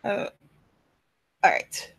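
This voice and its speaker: A woman with a lilt chats loosely to her audience about her writing. Her talk rambles and winds through fillers and restarts. She speaks from a room in her apartment. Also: drawn-out words. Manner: chatty, rambling, many fillers. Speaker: writer hosting a live chat. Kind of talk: casual live-stream chat.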